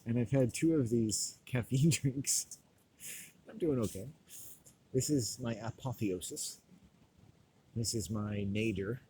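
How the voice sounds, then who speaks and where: A stoned man delivering a rambling, profane monologue, loud and laughing often. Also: mid-range voice, takes it slowly, pauses often, a little hiss or hum, rough recording. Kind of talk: profane ranting monologue to camera.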